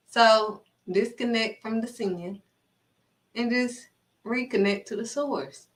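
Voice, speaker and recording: A woman giving a casual inspirational faith talk as a vlogger, animated and acting out dialogue as she speaks. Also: fairly high pitch, slow pace, distant mic, poor audio. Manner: animated, acts out quoted dialogue.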